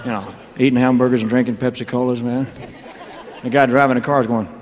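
A man with a drawl rambles through his career story in front of a live audience, loose and joking, tossing in asides as he goes. His voice sits at a middling pitch and carries a long hall reverb. A faint hiss of noise runs under the live concert recording. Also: steady tone, fast talker, a little mellow, a faint crowd. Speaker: entertainer telling his career story on stage. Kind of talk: rambling onstage storytelling monologue. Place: large live venue with audience laughter.

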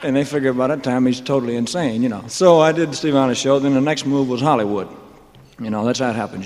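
A man's voice: mid-range voice, fast, a little mellow. Man rambling onstage, live hall. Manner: loose, joking, drawling, full of "you know" and "man". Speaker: entertainer telling his career story on stage. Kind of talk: rambling onstage storytelling monologue. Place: large live venue with audience laughter. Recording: live concert recording with long hall reverb and faint noise.

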